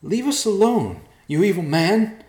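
A man's voice: fairly high pitch, big pitch swings, normal speed, mellow, roomy sound, voice pushed up. A man voicing a worried young woman who pleads anxiously. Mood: terrified.

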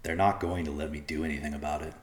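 A man's voice: a bass voice, fairly even intonation, quick pace, echoey room. A man voicing a young man raised among bears, earnest and hesitant, in a storybook reading. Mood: thoughtful.

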